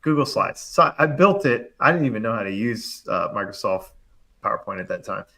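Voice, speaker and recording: A man telling a long story in casual chat, animated and quick, full of fillers and acted-out quotes. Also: fairly low pitch. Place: live online show, remote.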